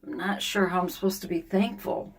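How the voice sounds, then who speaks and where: An older woman vlogging in a sauna, thinking out loud in a blunt, candid, venting way. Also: fairly low pitch, sing-song, fairly quick, vocal fry, background noise. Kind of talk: casual vlog monologue.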